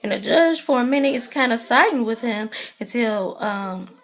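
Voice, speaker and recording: A woman casually recapping a TV drama episode in a chatty, animated way, acting out the characters' lines. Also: a little high, normal speed. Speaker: TV recap vlogger.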